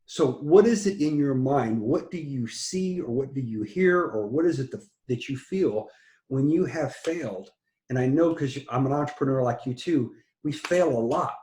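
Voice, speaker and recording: Male interviewer, effusive and rambling, average pitch, recorded in a roomy space. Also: animated, moderate pace, darkish tone. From Texas. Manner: enthusiastic, rambling with restarts. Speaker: interviewer, publisher. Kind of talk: conversational interview.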